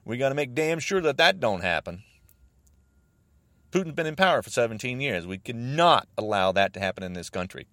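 An American man delivering an agitated political rant, repeating himself and swinging between raised outbursts and low muttering. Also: expressive, a little fast, pushed and bright, no echo. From United States.

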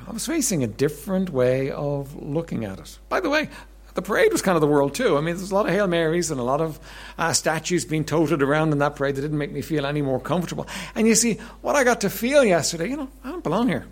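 A man preaching a sermon as pastor, conversational, repeating words and clearing his throat often, swinging between emphatic lines and soft asides. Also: a little high, very animated, fast.

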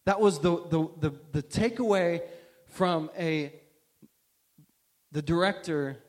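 A man telling a story in a sermon, acting out the people he quotes in a low, hushed voice and often restarting his sentences. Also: slow. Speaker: preacher.

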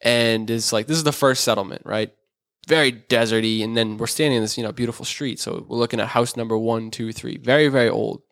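A young man co-hosting a podcast, telling stories in casual, animated chat full of swearing and "bro.". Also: medium pitch, brisk, no echo, clean studio sound. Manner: animated, swears a lot, says bro and dude. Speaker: podcast co-host.

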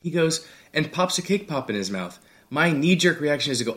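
A man co-hosting a chat podcast, telling a story with lots of energy. His pitch rises and falls widely as he mimics the people he is quoting. The delivery is casual and expressive. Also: fairly quick. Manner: animated storytelling, acts out quoted people. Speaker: podcast co-host.

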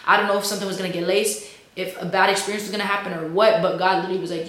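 A woman's voice: mid-range voice, little pitch movement, very fast, fairly bright tone. A young woman, a college student, casually telling a faith testimony in a chatty, slangy way, full of "like" and "bro". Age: young adult. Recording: very echoey room with faint hum.

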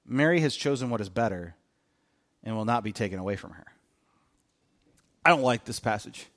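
A man preaching a casual, animated sermon, joking and talking conversationally to his listeners. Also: on the low side, moderate pace.

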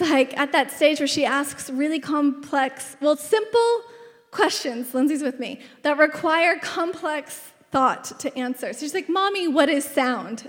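A woman in her thirties preaching a sermon, chatty and storytelling, often laughing as she talks. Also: high voice. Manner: chatty storytelling, laughs often, drops to a whisper in tender moments. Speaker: pastor. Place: large church hall. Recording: long hall reverb.

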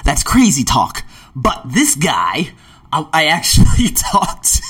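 A man's voice: on the high side, wildly swooping pitch, takes it slowly, fairly bright tone, slightly rough. A man in his late twenties telling travel stories in a casual vlog, acting out scenes with gasps and little voices. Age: late 20s. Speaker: vlogger.

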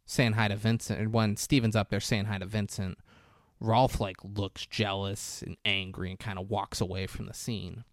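A man in casual chat, animated and swearing freely as he recaps a movie. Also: lowish voice, normal speed, dry recording, clean studio sound.

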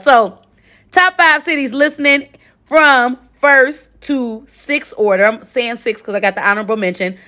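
A woman in her forties from Chicago hosting her own podcast, talking casually and animatedly to listeners, often checking in with "okay?". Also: a little high. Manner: chatty, animated, lots of direct address and 'okay?'. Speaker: podcast host. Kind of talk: casual solo podcast recap.

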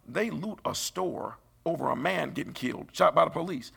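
A middle-aged man preaching a sermon, emphatic and rising into high bursts. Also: expressive, normal speed, creaky, few pauses, a bit bright, breathy edge.

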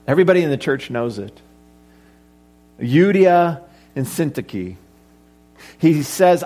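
A man's voice: on the high side, animated, slow pace, pauses often, warm tone. A middle-aged male pastor preaching a conversational sermon, with joking asides and rhetorical questions to the congregation.

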